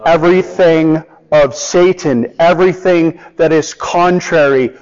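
A man's voice: a little high, unhurried, few pauses, darkish tone. A man preaching a sermon in a conversational way, acting out the people he quotes. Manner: conversational, acts out quoted voices. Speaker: pastor. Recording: dull lo-fi with long hall reverb.

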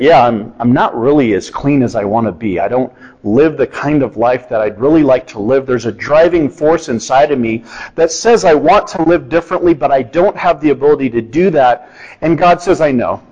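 A man's voice: medium pitch, a little mellow. A middle-aged man preaching a sermon in a conversational, storytelling way, acting out the quotes. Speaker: pastor. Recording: dull lo-fi sound.

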